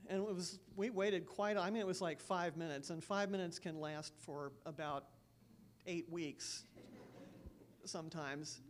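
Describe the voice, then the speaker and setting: Mulher contando testemunho com fervor. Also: female voice, fairly low pitch, measured pace. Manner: earnest storytelling with soft laughs. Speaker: pastor. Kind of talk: personal testimony in a sermon.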